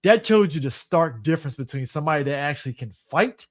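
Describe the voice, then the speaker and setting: A man of middle pitch co-hosting a podcast, blunt and profane, quick to laugh and to cut in. His voice is recorded dry and close, with no echo. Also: animated. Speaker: podcast co-host. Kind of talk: casual chat.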